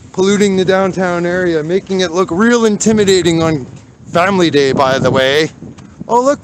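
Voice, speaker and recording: Walking outdoors through downtown on a livestream, a high-pitched man unleashes an angry, profane rant. The background is noisy.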